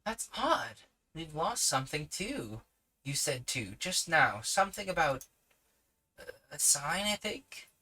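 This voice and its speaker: A man's voice: on the high side, sing-song, slow pace, bright, forceful tone, pitched above the performer's own voice, full character voice. A man voicing an astonished, curious uncle in a storybook reading. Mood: wondering.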